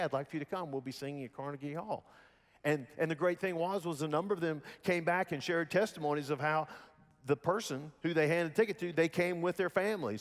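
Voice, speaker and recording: A man with a Southern American accent from Alabama, preaching a sermon in a folksy storytelling manner with lively voiced quotes. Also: a little high, big-room sound. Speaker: pastor. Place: church sanctuary.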